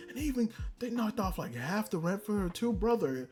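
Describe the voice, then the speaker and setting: A man hosting a casual anime review podcast, ranting with animated, profane energy. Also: high-pitched, a little fast. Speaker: podcast host.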